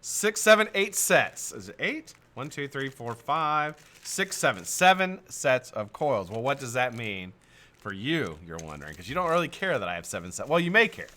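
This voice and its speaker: A man's voice: medium pitch, sing-song, moderate pace, sharp tone. An American man hosting a live stream in casual chat, greeting viewers by name, swearing and laughing often.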